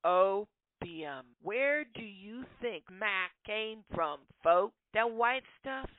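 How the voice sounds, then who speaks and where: A woman hosting a podcast, delivering an opinionated monologue in an animated, ranting way full of rhetorical questions. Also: medium pitch, slow. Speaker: podcast host. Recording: tinny phone-like line, dry.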